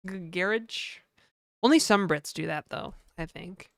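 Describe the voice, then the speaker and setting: A woman's voice: lowish voice, lively intonation, normal speed, creaky, no room sound, clean studio sound. A woman from New Brunswick with a mild Canadian accent, chatting casually and jokingly with her live-stream viewers. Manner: chatty, joking, answers chat aloud.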